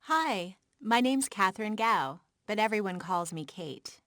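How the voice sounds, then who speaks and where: A woman's voice: mid-range voice, animated, unhurried, fairly bright tone, no echo, clean studio sound. A woman voicing a polite, friendly new coworker in a scripted textbook dialogue.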